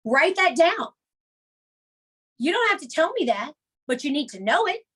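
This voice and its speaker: A woman hosting a motivational team call, energetic and emphatic, repeating her key points with chatty asides. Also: high voice, normal speed.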